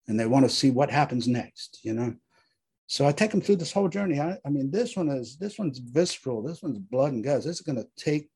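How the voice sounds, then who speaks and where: A man, a writer, talking animatedly about his stage work in an interview, with halting restarts. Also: medium pitch, lively intonation, darkish tone, breathy edge. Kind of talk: casual interview talk.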